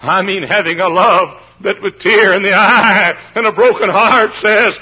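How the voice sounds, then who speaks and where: Male pastor, fiery sermon, husky, slightly high voice, dull old recording. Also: animated, normal speed. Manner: impassioned, swings from hushed to shouting. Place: church.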